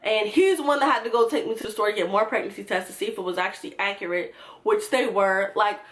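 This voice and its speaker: A young woman telling a storytime vlog, animated and swearing freely as she acts out what people said. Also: mid-range voice, fast, reverberant. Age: young adult. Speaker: vlogger.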